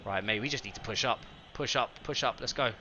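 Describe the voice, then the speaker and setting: A young man streaming a football game live, chatting excitedly with viewers and reacting to the match. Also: mid-range voice, fast talker, dull audio, crowd noise. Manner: excitable, chatty, greets chat by name.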